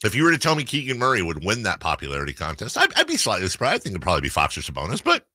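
A man's voice: fairly low pitch, very fast, no room sound. A man hosting a sports radio show, chatting casually and playfully in a studio. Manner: animated, laughs often, playful.

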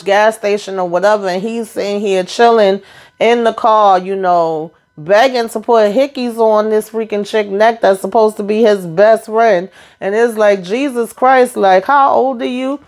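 A woman's voice: on the high side, a little mellow. A woman casually recapping a reality TV episode for her viewers, chatty and slangy, with sassy asides to the audience. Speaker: TV recap YouTuber.

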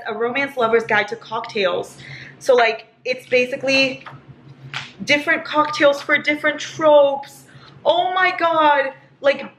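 Gushing woman in an echoey room. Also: on the high side. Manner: gushing and excitable, squealing over items. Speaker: book vlogger. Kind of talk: casual vlog haul. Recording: echoey room with faint hiss.

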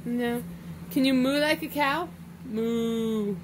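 A woman's voice: a little high, expressive, takes it slowly, background noise. A young woman in casual chat with her toddler, coaxing and praising her in sing-song baby talk. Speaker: mother filming her toddler. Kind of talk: casual home vlog.

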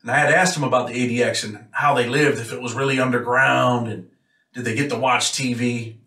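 A man's voice: medium pitch, fairly even intonation, fairly quick, pushed and bright. A man from New York State, a former prisoner, telling a story in a blunt, matter-of-fact way. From Rochester, New York. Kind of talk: casual storytelling. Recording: roomy echo, mic a bit far off.

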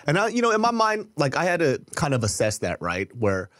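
A man's voice: a little high, brisk, no room sound. Guy cohosting a podcast, voice jumps all over, dry close sound, swears a lot. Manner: animated, swears freely. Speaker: podcast co-host. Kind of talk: casual chat.

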